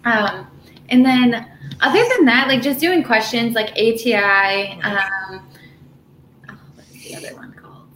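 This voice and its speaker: A young woman chats as a nurse guest, her stories tumbling out full of fillers. Her voice sits a bit high and bright. The room around her rings with echo. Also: unhurried, pauses often, slight background noise. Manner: chatty, filler-heavy, animated storytelling. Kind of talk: casual podcast chat. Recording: roomy echo.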